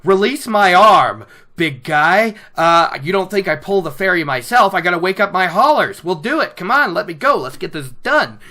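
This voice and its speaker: A podcaster voicing a suspicious, grumpy, greedy ferryman, gruff and indignant in an everyday voice. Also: mid-range voice, expressive, normal speed, hardly any pauses, pushed and bright. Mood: eager. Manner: gruff and indignant, then eager.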